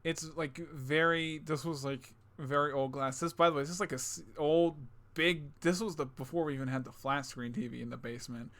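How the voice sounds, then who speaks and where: Excitable man chatting on a stream. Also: fairly high pitch, brisk, few pauses. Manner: excitable, swears freely. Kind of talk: casual chat.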